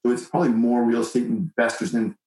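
A man's voice: mid-range voice, fairly even intonation, fast, darkish tone. Easygoing Canadian man in an echoey room. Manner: easygoing, with frequent fillers. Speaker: guest, real estate investor. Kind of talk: casual interview talk.

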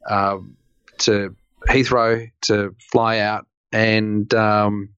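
A man's voice: fairly low pitch, little pitch movement, very slow, a bit bright, clean tone, dry recording. A man, co-hosting a podcast and telling rambling stories with exasperated humor. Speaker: podcast co-host. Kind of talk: casual storytelling chat. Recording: dry, slightly muffled recording.

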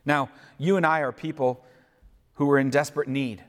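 A man preaching a sermon, deliberate and questioning, addressing listeners who worship at home. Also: a little high, steady tone. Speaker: pastor. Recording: echoey hall reverb.

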